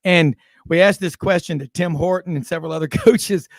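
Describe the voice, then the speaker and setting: A man's voice: sits high, brisk, no echo, clean studio sound. A man hosting a sports talk show, chatting casually and enthusiastically with his guest. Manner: enthusiastic, laughs often. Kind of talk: casual interview chat.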